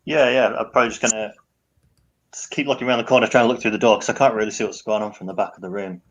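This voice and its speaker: A man's voice: on the low side, fairly even intonation, rapid-fire, a bit bright. A man playing a tabletop game, thinking aloud about his moves. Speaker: player. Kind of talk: casual tabletop game chat. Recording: dull lo-fi mic.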